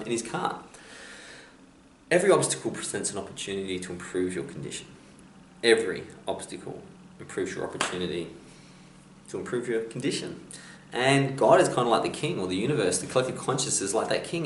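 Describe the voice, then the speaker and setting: A man's voice: lowish voice, recorded from a distance. Man, motivational vlogger, jokey, rambling, echoey room, faint hiss. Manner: rambling, jokey, frequent restarts. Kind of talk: casual motivational storytelling.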